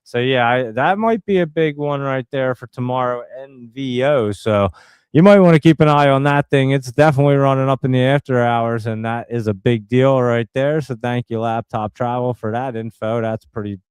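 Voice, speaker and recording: A man's voice: medium pitch, normal speed, a little mellow, smooth, no echo. A man hosting a live show, giving casual, rambling, joking market commentary and reading out viewers' chat. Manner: rambling, joking, loose and off-the-cuff. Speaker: livestream host.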